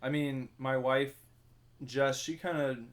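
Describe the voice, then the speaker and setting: A young man from Ohio, co-hosting a casual podcast. He talks in a relaxed, easygoing way, with a voice of ordinary middle pitch for a man. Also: slow. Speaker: podcast co-host. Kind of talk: casual chat.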